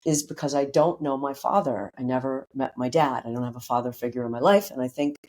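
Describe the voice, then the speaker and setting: Animated middle-aged woman telling a story. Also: a bass voice, fairly quick. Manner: animated, acts out quotes, casual swearing. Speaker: guest, breathwork teacher. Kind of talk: personal storytelling in a podcast interview.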